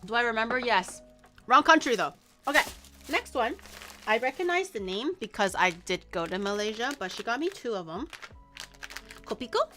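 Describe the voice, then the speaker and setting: Bright, chatty young woman streamer. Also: a little high, fairly quick, faint music behind. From Canada. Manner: chatty, excitable, swears casually, lots of "like". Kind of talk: casual live-stream food tasting.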